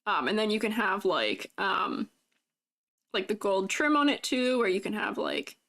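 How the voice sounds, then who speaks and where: Her medium-pitched voice is animated, a bit bright, and touched with vocal fry, and she speaks a little slowly. A streamer and 3D artist, she eats while reading viewers' messages aloud, chatting casually and giggling often.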